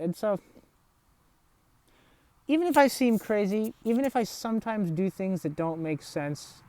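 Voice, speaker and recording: A man rambling in a solo monologue, swearing often and restarting sentences, and speaking in a put-on affected accent with his throat held low. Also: darkish tone, no room sound. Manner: profane, rambling, restarts and repeats words. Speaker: vlogger.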